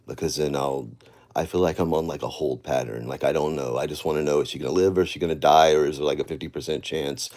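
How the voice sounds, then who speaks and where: A man vlogging in a loose, rambling monologue, often restarting his sentences and sinking into quiet, emotional talk. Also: a bass voice.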